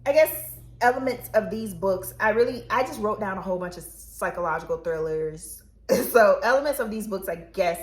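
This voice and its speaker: A woman co-hosting a book channel, chatting casually and telling rambling, animated stories. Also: mid-range voice, normal speed, reverberant.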